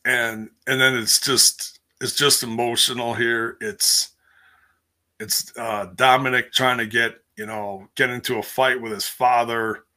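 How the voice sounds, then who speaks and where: A man's voice: medium pitch, flat delivery, a little slow, bright, forceful tone. A man hosting a casual live stream, rambling through a recap with lots of fillers and restarts while reading viewer comments. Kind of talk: casual chat.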